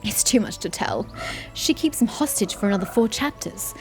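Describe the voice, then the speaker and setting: A woman's voice: medium pitch, animated, moderate pace, darkish tone, faint music behind, close to an everyday voice. A woman voicing a smug, bookish male gnome who speaks dismissively.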